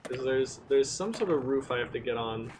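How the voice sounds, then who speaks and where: A man's voice: medium pitch, lively intonation, moderate pace. Guy playing a game on stream, laughs a lot, regular mid voice, faint hiss. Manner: giggly, laughs often. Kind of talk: casual gaming chat.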